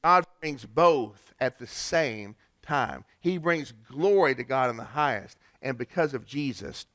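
A man preaching a Christmas sermon, earnest, with pauses and restarts. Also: mid-range voice, lively intonation, a bit bright, dry recording. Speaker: pastor.

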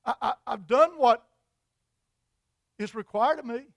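A man voicing an angry laborer who resents being made to carry a heavy load, complaining in loud, exasperated outbursts. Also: extremely high pitch, a little slow, creaky, no room sound, studio quality, full character voice.

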